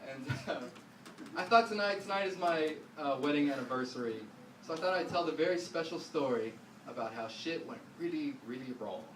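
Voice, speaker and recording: Profane high-voiced stand-up comic in a roomy club. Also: male voice. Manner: profane storytelling with deadpan asides, voicing others in quotes. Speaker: stand-up comedian. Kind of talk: stand-up comedy set. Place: comedy club stage before a live audience. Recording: roomy club sound, distant mic, audience noise.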